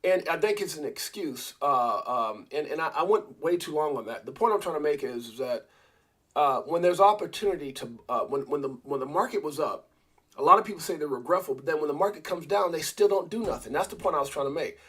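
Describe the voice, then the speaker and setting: A man's voice: fairly high pitch, lively intonation, fairly quick, fairly bright tone, slightly rough. A man hosting a casual live stream, talking in a rambling way with many restarts and repeated words, and speaking directly to viewers and a co-host. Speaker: crypto livestream host.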